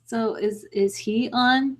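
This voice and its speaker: A young woman co-hosting a podcast in casual chat, giggly and quick to laugh. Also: on the high side, fairly even intonation. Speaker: podcast co-host.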